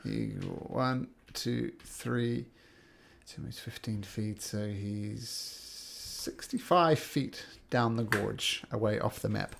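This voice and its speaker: A man's voice: on the low side, slow pace, gravelly, a bit bright, slight background noise. A man running a tabletop game as game master, narrating combat with spoken sound effects.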